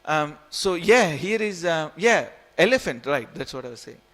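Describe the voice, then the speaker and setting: Chatty man in his forties, higher voice. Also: big pitch swings, moderate pace, a bit bright. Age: 40s. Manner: chatty, jokey, repeats phrases, coaxes listeners. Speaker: temple speaker. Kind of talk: informal scripture class. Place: temple hall.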